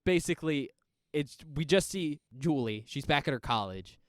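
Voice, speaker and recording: A man co-hosting a casual podcast about a horror film, talking in a chatty, animated way and laughing often. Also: on the high side, normal speed, no echo, clean studio sound. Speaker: podcast co-host. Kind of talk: casual movie chat.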